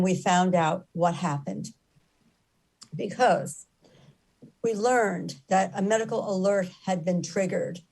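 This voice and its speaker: A middle-aged woman with a slightly low voice tells a story with earnest conviction. She leans on repeated phrases to drive her points home, building intensity as she speaks. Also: darkish tone. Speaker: activist speaker. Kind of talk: impassioned storytelling talk.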